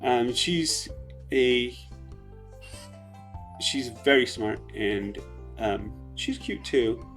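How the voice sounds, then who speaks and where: A man casually commenting on gameplay in a relaxed, chatty way, with frequent hesitations. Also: mid-range voice, very slow, long pauses, faint music behind. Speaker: let's play host.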